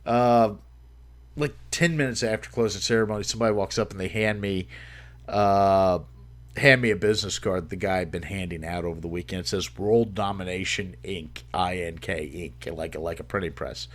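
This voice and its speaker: A man's voice: low voice, moderate pace. A man hosting a livestream, telling a story in a casual, profane way, swearing freely and laughing as he goes. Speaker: livestream host.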